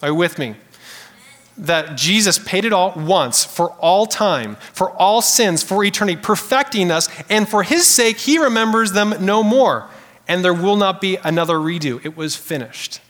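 Man, pastor, high voice, animated conversational preaching, reverberant sanctuary. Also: normal speed. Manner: animated, conversational preaching with audience call-outs. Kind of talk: sermon. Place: church sanctuary.

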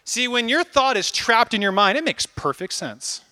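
Lively, bright-voiced male preacher. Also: extremely high pitch, normal speed. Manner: animated, conversational preaching with acted-out asides. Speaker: pastor. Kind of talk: sermon.

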